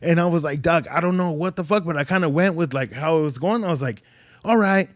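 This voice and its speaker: A man's voice: fairly high pitch, fairly quick, no echo, clean studio sound. A man as a podcast guest telling stories in casual chat, swearing a lot, rambling, and acting out the voices of people he quotes.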